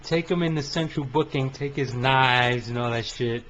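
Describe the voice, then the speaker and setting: A man chatting as a guest on a casual film podcast, animated and joking. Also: mid-range voice, normal speed, hardly any pauses. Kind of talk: casual film review chat. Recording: dull lo-fi amateur podcast recording.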